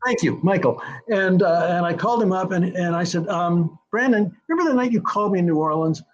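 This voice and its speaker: With a high voice and a brisk delivery, an older screenwriter guest shares anecdotes in an interview, wandering through them with frequent fillers and restarts. Now and then he taps out a rhythm aloud, and the lo-fi recording sounds dull.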